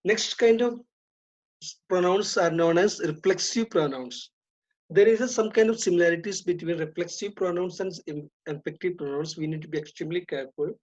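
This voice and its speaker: A woman teaching an English grammar lesson, speaking deliberately, repeating and stressing key terms. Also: lowish voice, darkish tone. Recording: dull lo-fi recording.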